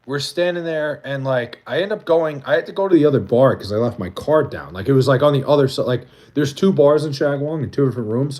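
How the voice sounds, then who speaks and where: A man's voice: mid-range voice, darkish tone. A man hosting a livestream, telling a long, profane story full of fillers and answering viewers' chat messages. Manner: reads and answers chat comments. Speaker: livestream host. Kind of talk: casual chat with live viewers.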